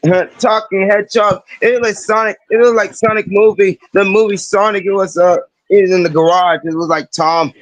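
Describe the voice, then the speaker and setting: A man's voice: high-pitched, fairly even intonation, normal speed, few pauses, no echo, rough recording. A man listening and reacting with amusement.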